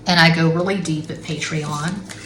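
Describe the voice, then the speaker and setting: Speaking at a normal speed in a low voice with fairly even intonation, a middle-aged woman gives a casual tarot reading at home. She rambles, talks bluntly and swears often, and the room is echoey with faint background noise.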